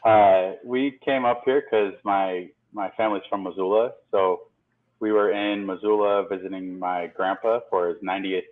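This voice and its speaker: A man's voice: low-pitched, steady tone, moderate pace. A male co-host calling in to a live show, rambling through a casual story. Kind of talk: casual chat over a call. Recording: tinny phone-like line.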